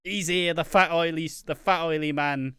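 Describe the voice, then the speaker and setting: A man co-hosting a podcast, chatting casually and recapping with sweary, animated storytelling. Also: fairly high pitch, normal speed, clean tone, no echo, studio quality. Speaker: podcast co-host. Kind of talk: casual chat.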